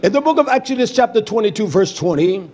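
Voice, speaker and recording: A man preaching a fiery, confrontational sermon, scolding and cursing, swinging between loud outbursts and low muttering. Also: animated, fast.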